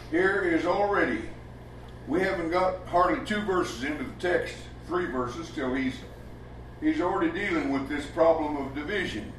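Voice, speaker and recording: A man's voice: fairly high pitch, a little hiss or hum. A man preaching a sermon in a folksy, emphatic way, asking rhetorical questions in a church. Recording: echoey room with the mic far off.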